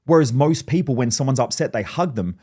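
A man hosts a solo podcast, talking bluntly with casual swearing. He tells his stories in an animated, conversational way. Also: medium pitch, fairly quick, slightly rough. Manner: blunt, profane, animated storytelling. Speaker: podcast host. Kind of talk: podcast monologue.

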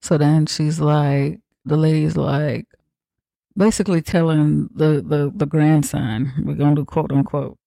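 A podcast host rambles through a horror film recap with heavy profanity and constant filler words. The voice is gravelly with a dark, mellow tone. The recording is dry and close. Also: medium pitch, fairly even intonation, unhurried, no echo.

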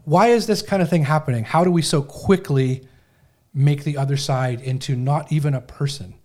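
A man's voice: on the high side, normal speed, a little mellow. A man hosting a casual talk show, retelling a news story in a loose, conversational way with acted quotes. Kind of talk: casual chat.

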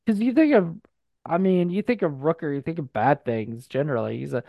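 Gravelly man telling rambling stories. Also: a little high, expressive, a little fast, no echo, highs cut off. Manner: rambling storyteller, heavy fillers and restarts. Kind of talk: casual chat.

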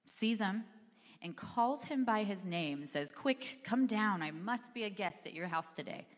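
A woman's voice: mid-range voice, big-room sound. A woman preaching a sermon in a church, speaking in a conversational, earnest way with casual fillers. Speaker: pastor. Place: church sanctuary.

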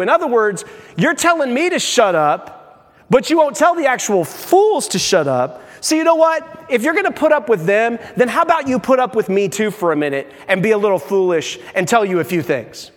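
A male pastor preaching a sermon, animated and acting out the voices he quotes. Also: high-pitched, normal speed. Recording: long reverb of a large hall.

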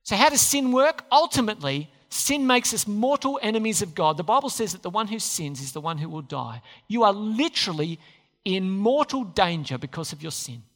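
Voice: mid-range voice, animated, normal speed, fairly bright tone. A preacher giving a sermon, telling a story with rhetorical questions and acted-out quotes. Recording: long hall reverb.

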